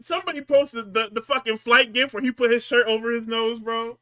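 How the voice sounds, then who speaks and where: A man co-hosting a casual wrestling recap podcast, profane and animated, acting out what wrestlers said. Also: very high voice, brisk. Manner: animated, profane, acts out quotes with big swings. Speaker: podcast co-host.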